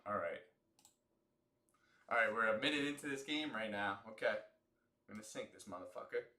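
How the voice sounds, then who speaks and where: An American man hosting a live football watch-along, talking in an excitable, profane, rambling way. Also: fairly low pitch, fairly quick, roomy sound, slight background noise. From United States. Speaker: host of an alternate sports broadcast.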